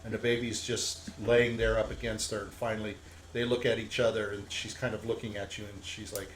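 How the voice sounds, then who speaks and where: A man's voice: lowish voice, level tone, fairly quick, slight background noise, low-quality recording. Man narrating as game master. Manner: loose, rambling narration with fillers.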